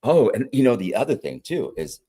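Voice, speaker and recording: A man in a conversational interview, explaining teaching methods with animated emphasis and frequent "right?" check-ins. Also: mid-range voice, brisk, slightly rough. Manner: animated, demonstrates sounds, frequent "right?" and "all right?". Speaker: guest literacy educator.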